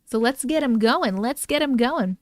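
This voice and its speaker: On a livestream, this woman talks with viewers and reads their stories out loud, now and then cutting in with startled reactions. Her voice sits on the high side with lively intonation and a moderate pace, and there's no echo.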